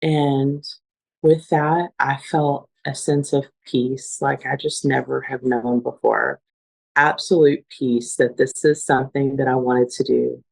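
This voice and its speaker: Gravelly-voiced woman recounting a near-death experience. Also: very deep voice, steady tone, slow pace, darkish tone, rough recording. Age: adult with children. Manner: earnest, searching, restarts and fillers while recalling. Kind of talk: emotional personal testimony.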